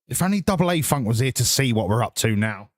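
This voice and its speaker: A man's voice: medium pitch, animated, quick pace, no echo. A British man rambling crudely and jokingly to himself while driving a truck in a game. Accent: British English. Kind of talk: casual rambling commentary. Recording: loud road and engine noise behind.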